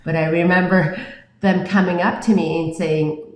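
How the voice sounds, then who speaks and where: A woman's voice: fairly low pitch, fairly even intonation, normal speed. A middle-aged woman from Iran, a guest in an interview, telling her story earnestly and in long runs of restarts. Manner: earnest, talks in restarts and lists. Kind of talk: casual interview, personal story. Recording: roomy echo.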